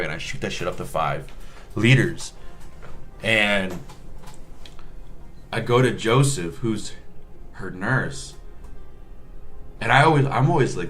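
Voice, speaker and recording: A male nurse telling a work story in a casual, animated way, joking and swearing often. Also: low voice.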